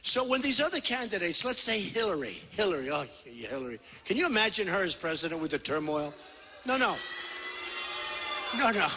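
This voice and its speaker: A man's voice: high-pitched, sing-song, a little fast, long pauses, pushed and bright. A man in his sixties giving a rambling, boastful, repetitive campaign rally speech into a podium microphone in a large convention hall. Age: 60s. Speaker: presidential candidate. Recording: reverberant hall PA sound.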